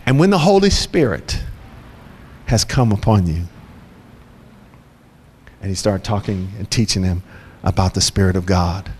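A man's voice: lowish voice, long reverb tail. A male pastor preaching a sermon with emphatic delivery and repeated phrases.

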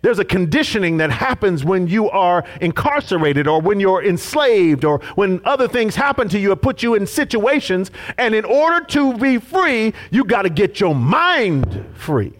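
A man preaching a sermon as pastor, animated and acting out the voices he quotes. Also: sits high, normal speed, hardly any pauses.

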